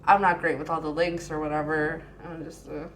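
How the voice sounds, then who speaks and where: A woman's voice: sits low, flat delivery, a little fast, slight background noise. A woman giving a casual pick-a-card tarot reading, playful and affectionate, teasingly scolding the cards as she reads their texts aloud and riffs on them. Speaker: tarot reader.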